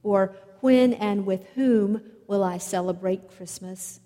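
Slow-speaking woman preacher in a reverberant hall. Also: medium pitch, warm tone. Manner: slow, measured storytelling delivery. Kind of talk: sermon. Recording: long reverb of a large hall.

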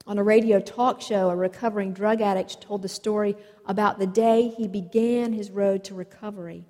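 A woman preaching a sermon, telling stories in a slow, measured way. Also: medium pitch, fairly even intonation, darkish tone. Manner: slow, measured storytelling delivery. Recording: long reverb of a large hall.

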